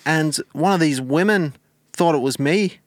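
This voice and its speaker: A man voicing a crude male caller in a put-on Irish-sounding accent, delivering outrageous lines flatly and matter-of-factly as if on a phone call. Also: on the high side, a little slow, no echo, studio quality, voice pushed up, close to an everyday voice. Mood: deadpan. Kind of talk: improvised comedy phone bit.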